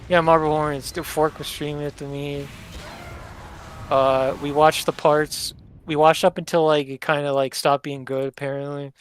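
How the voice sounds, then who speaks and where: A man's voice: a little high, level tone, moderate pace, a little hiss or hum. Young man, blunt and chatty streamer. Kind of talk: casual chat on a game stream.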